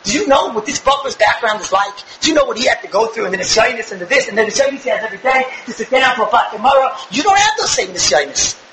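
A young man giving an animated religious lecture to a live audience, firing rhetorical questions with bursts of shouting. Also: extremely high pitch, fast talker, hardly any pauses, reverberant, noisy background. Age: young adult. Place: room with an audience.

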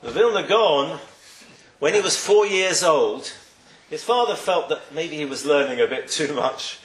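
Unhurried and lively in intonation, a man with a voice on the high side and a bit bright gives a rabbi's sermon. He tells stories, acting out quoted people with much rising and falling emphasis, in an echoey space.

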